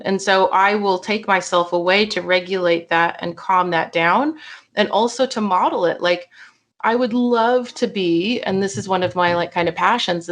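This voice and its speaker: A middle-aged woman psychotherapist talking casually as a podcast guest, animated and chatty, acting out quoted voices and often saying "like" and "right?". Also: lowish voice. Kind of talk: casual interview chat.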